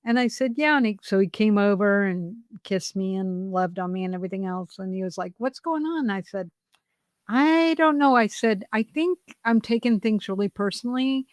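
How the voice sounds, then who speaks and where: A woman's voice: mid-range voice, fairly quick, hardly any pauses, no echo. Middle-aged woman, podcast co-host; candid storyteller, dry recording. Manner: open, confessional storytelling with lively re-enacted quotes. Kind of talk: candid casual chat.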